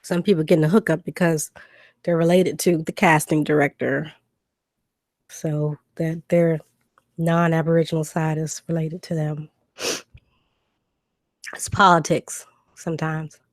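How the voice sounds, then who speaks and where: A woman with a fairly low voice hosts a casual livestream from home, reading viewer questions aloud and answering them. She talks loosely with ums and restarts, a cough drop in her mouth. Her new desk mic gives a close, dry sound. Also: little pitch movement, measured pace, long pauses, no room sound. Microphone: new desk microphone.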